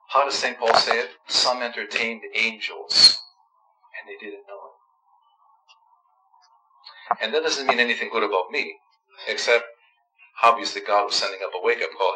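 A man who is an Orthodox priest, giving a sermon with lively storytelling and quoted dialogue. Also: mid-range voice, moderate pace, pauses often, over loud music, poor audio.

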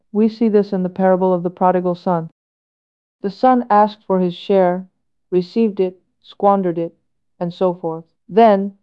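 Smooth-voiced woman reading a solemn sermon. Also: medium pitch, muffled recording. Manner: measured and earnest, with rhetorical questions. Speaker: reader of a sermon. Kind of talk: slow, solemn read-aloud homily.

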